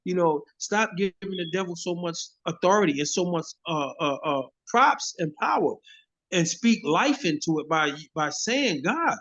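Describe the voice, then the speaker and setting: A hip hop artist speaking as an interview guest over a phone video call, preachy and emphatic, often repeating himself. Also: male voice, high-pitched, lively intonation, moderate pace, a bit bright. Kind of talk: casual interview. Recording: dull lo-fi phone audio.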